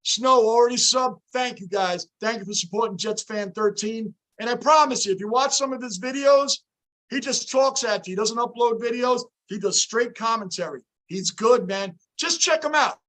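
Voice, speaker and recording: Hoarse, fired-up New man. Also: very high-pitched, moderate pace, rough recording. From New York. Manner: energetic, hyped, talks straight to chat. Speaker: livestream host. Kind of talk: casual livestream chat with viewers.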